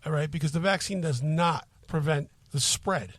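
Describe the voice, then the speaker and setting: A man's voice: fairly high pitch, normal speed, no echo. A man co-hosting a casual podcast, rambling through his opinion with many restarts. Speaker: podcast co-host.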